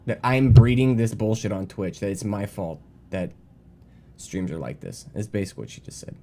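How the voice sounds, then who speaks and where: A man's voice: on the low side, lively intonation, normal speed, noisy background. A young man live-streaming, talking defensively in a rambling way and reading viewer chat aloud between his points. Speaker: game streamer.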